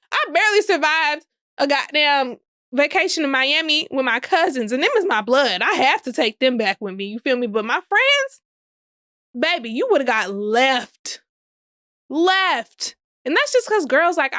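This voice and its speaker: Sassy high-voiced woman podcaster. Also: a bit bright, no room sound, studio quality. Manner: sassy, profane, laughing often. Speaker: podcast host. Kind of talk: casual solo podcast monologue.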